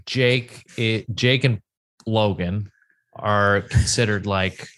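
A man's voice: fairly low pitch, slow, fairly bright tone. A man co-hosts a podcast in loose, casual chat. He makes dry remarks and often sighs before he answers. He sounds understated next to the others. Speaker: podcast co-host.

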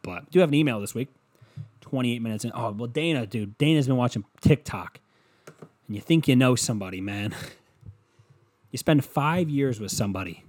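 A man's voice: medium pitch, expressive, normal speed, long pauses, a little mellow. A young man hosting a solo comedy podcast, rambling crudely and self-deprecatingly while acting out other people's voices. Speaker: podcast host.

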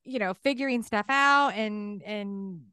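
Woman host asking rambly questions, slow, super bright clear voice, dry sound. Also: mid-range voice, dry recording. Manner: filler-heavy, halting questions, many "like"s. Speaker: interviewer, host. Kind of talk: casual interview chat.

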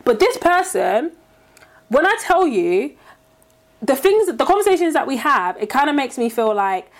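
A young woman in casual chat, animated and quick to interrupt herself, often repeating words as she hunts for them. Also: high voice.

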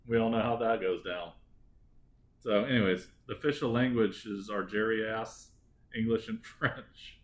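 A man's voice: on the low side, a little slow, rough recording. Joking, crude male podcast host. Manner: joking, crude, laughing often. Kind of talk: casual true-crime podcast chat.

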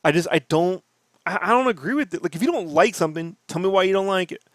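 A man hosting a casual podcast, ranting and swearing in an animated way. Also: sits high, fast, dry recording, clean studio sound. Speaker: podcast host.

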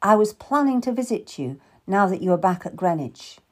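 A woman reading the lines of a calm, tender young Tudor man who is courting, in an audiobook. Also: medium pitch, normal speed. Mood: earnest. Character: young Tudor man, earnest gentle suitor.

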